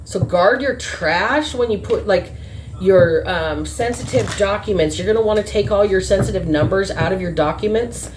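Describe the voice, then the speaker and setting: A woman's voice: medium pitch, background noise. A woman doing a casual spiritual reading who muses aloud and spells words out letter by letter. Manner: musing, spells out letters slowly. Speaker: spiritual reader. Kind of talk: casual word-game reading.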